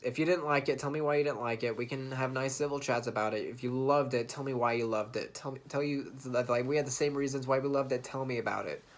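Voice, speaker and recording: A young man speaks casually into his camera, an earnest fan retelling a film. His voice sits at a middle pitch, and he restarts his sentences and laughs now and then as he talks. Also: steady tone, fast talker, hardly any pauses. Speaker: vlogger. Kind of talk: casual vlog monologue.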